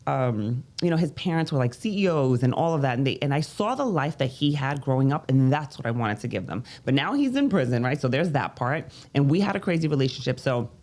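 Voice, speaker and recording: A woman from Brooklyn, a guest on a radio show. She tells her story candidly and with a lively, swinging pitch, restarting sentences and quoting other people in a raised voice. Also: a little fast, hardly any pauses. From Brooklyn, New York. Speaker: guest, business and mindset coach. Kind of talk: interview.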